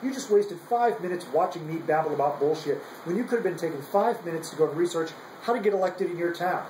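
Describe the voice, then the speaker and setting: A man's voice: a little high, animated, fast, darkish tone. Young enlisted man, heated and profane, restarts his lines, a light hiss under a roomy echo. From United States. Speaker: active duty service member. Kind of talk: angry political rant.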